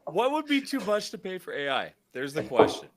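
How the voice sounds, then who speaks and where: A man's voice: sits high, fairly quick, a crowd in the background. A man co-hosting a live show, telling stories in a casual, joking chat and laughing often. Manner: animated, laughing storyteller. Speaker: co-host.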